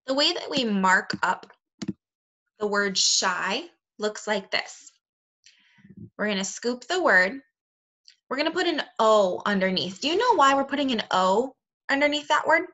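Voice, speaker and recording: A woman with a bright, clear voice leads a remote phonics lesson for second graders. She talks slowly and plainly, sounding words out and praising the kids often. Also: fairly high pitch, animated. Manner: slow, clear, encouraging teacher talk to young children.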